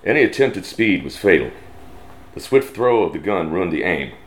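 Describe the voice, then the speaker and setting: Very deep-voiced Texan man reading a western. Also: very animated, moderate pace. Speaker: story reader. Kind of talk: reading a western story aloud.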